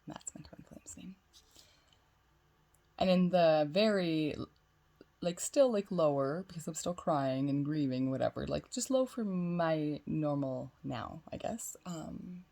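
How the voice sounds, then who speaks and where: A woman's voice: low voice, a little slow, creaky, mellow. A young woman vlogger telling a long personal story in a chatty way, swearing freely and acting out the dialogue. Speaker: spiritual vlogger. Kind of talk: casual storytelling.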